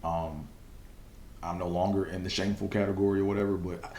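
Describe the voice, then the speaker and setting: A man's voice: low voice, flat delivery, quick pace, mellow, roomy sound, a little hiss or hum. A young man hosting a casual solo podcast, telling a personal story in a loose, rambling way full of fillers and swearing, with a stutter now and then. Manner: stutters at times. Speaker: podcast host.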